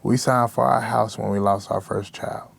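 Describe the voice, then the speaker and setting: A man's voice: on the low side, fairly even intonation, moderate pace, vocal fry, husky. A young man, a rapper guest, talking candidly and emotionally in slang-heavy speech. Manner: raw, emotional, slangy with constant "bro". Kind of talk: candid interview talk.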